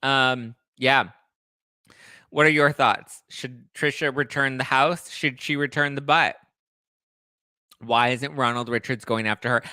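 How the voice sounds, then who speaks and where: A young man hosting a casual gossip livestream, talking chattily to his chat and jumping into high exclamations. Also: pushed and bright, dry recording. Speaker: livestream host reading chat. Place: home in a city apartment.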